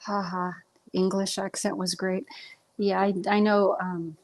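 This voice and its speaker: A woman's voice: medium pitch, little pitch movement, unhurried. A young woman with a Texan Southern accent, chatting casually on a livestream with lots of ums. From Texas. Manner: chatty, self-conscious, many ums. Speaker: livestream host.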